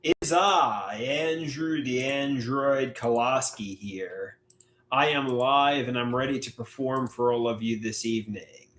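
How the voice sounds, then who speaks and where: A man hosting a live solo stream, talking in a halting, reflective way with many filler words. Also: medium pitch, fairly bright tone. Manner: halting, reflective, frequent "you know" fillers. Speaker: livestream host. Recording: echoey room.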